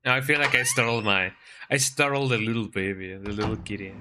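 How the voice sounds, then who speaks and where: A man's voice: lowish voice, a little fast, bright, forceful tone. Rambling young man streaming a game. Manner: rambling, talks sweetly to his cat in baby talk. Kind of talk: casual gameplay commentary. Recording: game music behind the voice.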